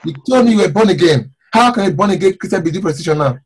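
A man, an apostle, leading fervent prayer and preaching a sermon, repeating phrases and rising to shouts. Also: sits high, lively intonation, racing, husky. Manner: fervent, repetitive, shouting at times.

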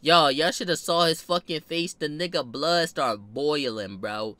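A man telling a story casually, animated and full of slang, swearing and repeating lines for emphasis. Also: a little high, unhurried, no room sound.

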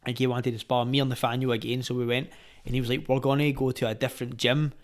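A man's voice: mid-range voice, level tone, quick pace. A young Glaswegian man telling stories as a podcast guest in casual chat, full of fillers and restarts. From Scotland. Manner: storytelling, lots of fillers and restarts.

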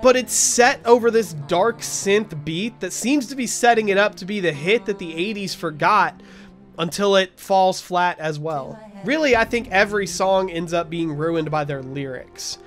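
A man hosting a weekly music review show, reading scripted album verdicts in a wry, blunt way. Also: sits high.

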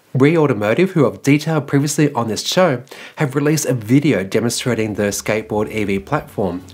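Husky-voiced man hosting EV news. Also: medium pitch, a little mellow. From Australia. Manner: reads news loosely, filling with "like" and "well". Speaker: EV news host. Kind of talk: scripted news read with casual asides.

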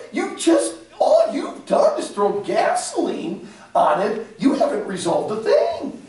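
A man's voice: very high-pitched, huge pitch swings, a little slow, a little mellow. A man teaching a ministry class, acting out both sides of conversations and laughing often. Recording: echoey room from far off, faint noise.

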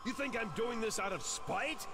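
A cold critical dad in a horror game, high voice, loud music behind. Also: male voice, moderate pace. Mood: scolding. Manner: scolding, harsh. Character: stern demanding father, middle-aged man, cold and critical. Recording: clear game music underneath.

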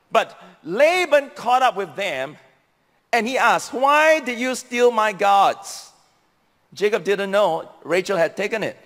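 A man preaching a sermon as pastor, animated, acting out voices from Bible stories and speaking to the congregation. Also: high voice. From Singapore. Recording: long hall reverb.

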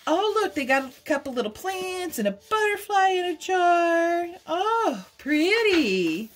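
A woman's voice: extremely high pitch, sing-song, unhurried. A middle-aged woman hosting a craft vlog, cooing and giggling as she unboxes gifts. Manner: gushing, coos and giggles. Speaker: craft channel host.

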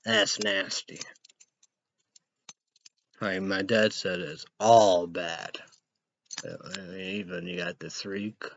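A man's voice: low-pitched, very animated, takes it slowly, creaky, long pauses, bright, forceful tone, slight background noise. A young man hosting a casual show, reading news headlines aloud and rambling about them, spelling names letter by letter. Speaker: show host. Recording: dull lo-fi recording.

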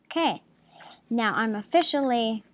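A woman's voice: fairly high pitch, expressive, unhurried, slight background noise. A woman hosting a gaming channel, giving playful, giggly gameplay commentary at her home computer and chatting to the game's creatures.

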